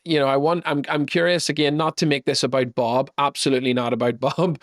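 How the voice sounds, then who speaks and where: Male podcast host: even, level delivery, thinks aloud, dry close sound. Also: fairly high pitch, fast talker, no room sound. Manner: searching, thinks aloud while framing a question. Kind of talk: reflective conversational response.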